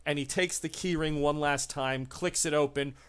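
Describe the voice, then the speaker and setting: A man running a tabletop horror game as game master, narrating scenes in an unhurried, descriptive way. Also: fairly high pitch, steady tone, clean tone. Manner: unhurried, descriptive, laughs with players.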